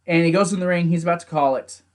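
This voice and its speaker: A young man casually recapping a wrestling event, animated, laughing often and acting out the wrestlers' lines. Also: a little high, quick pace. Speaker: wrestling show reviewer. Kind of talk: casual recap with acted quotes.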